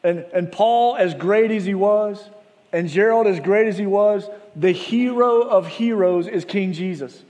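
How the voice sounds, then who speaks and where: A man's voice: high-pitched, big-room sound. A man preaching a sermon, earnest and conversational, acting out the people in his stories. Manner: earnest, conversational storytelling with animated retold dialogue. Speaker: pastor.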